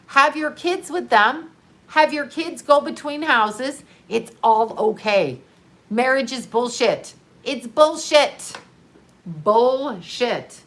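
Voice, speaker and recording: A middle-aged woman speaks candidly on a livestream, swearing freely and laughing often. Her voice sits slightly high, and a layer of grief runs beneath the bluntness. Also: slow, fairly bright tone. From United States. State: grieving. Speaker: livestream host.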